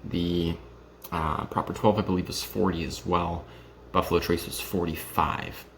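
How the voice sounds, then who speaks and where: Young man, deep voice, gravelly, hesitant, casual home vlog, camera mic. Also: level tone, moderate pace, background noise. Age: young adult. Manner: hesitant, lots of ums and restarts. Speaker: vlogger reviewing whiskey.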